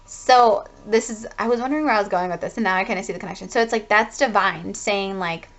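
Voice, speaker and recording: A woman's voice: medium pitch, fast, dull audio. A woman giving a casual spiritual tarot reading, rambling with lots of "like" and the odd swear word. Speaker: tarot reader.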